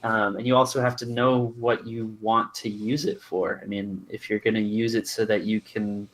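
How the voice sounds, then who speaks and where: A man with a Californian accent, a podcast guest who explains his points at length in a measured, casual way. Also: on the low side, flat delivery, a bit bright. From Arizona and California, USA.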